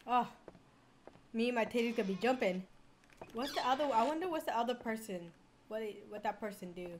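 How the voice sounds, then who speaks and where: A woman's voice: on the high side, lively intonation, fairly quick, a little hiss or hum. A young woman playing a horror game, talking to viewers and gasping and yelping when startled. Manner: jumpy, gasps and yelps when scared. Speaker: gamer streamer.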